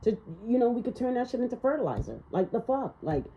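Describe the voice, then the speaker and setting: A woman's voice: fast talker, a little hiss or hum. A woman giving a casual tarot reading, blunt and profane, ranting and laughing as she talks. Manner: animated, swinging up and down in pitch. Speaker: tarot reader. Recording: slightly dull, lo-fi sound.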